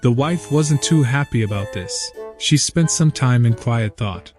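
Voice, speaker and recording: A man's voice: mid-range voice, expressive, unhurried, darkish tone. Man narrating jokes over faint music. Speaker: joke channel narrator. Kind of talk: scripted joke narration. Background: faint background music.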